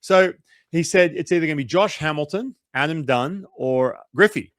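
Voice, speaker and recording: Animated man telling a story. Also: fairly high pitch, dry recording, clean studio sound. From Australia. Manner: animated, acts out quotes, swears, fast run-on storytelling. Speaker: former baseball pitcher, guest. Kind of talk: casual storytelling interview.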